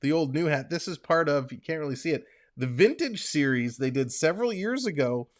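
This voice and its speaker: A man's voice: fairly high pitch, expressive, brisk. Upbeat man calling hockey on stream. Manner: upbeat, chatty, talks to viewers in chat. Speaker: livestream host and play-by-play commentator. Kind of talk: live-stream play-by-play commentary and chat.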